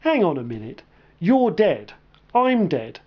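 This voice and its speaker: A man narrating a scripted comic story in a wry, deadpan manner. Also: on the high side, takes it slowly, slightly rough, highs cut off. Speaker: storyteller and game reviewer.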